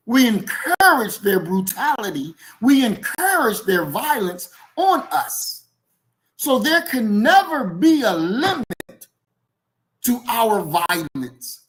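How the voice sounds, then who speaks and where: A man hosting a casual podcast discussion about a book, speaking bluntly and forcefully and repeating points for emphasis. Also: high-pitched, sing-song, slow pace, rough recording.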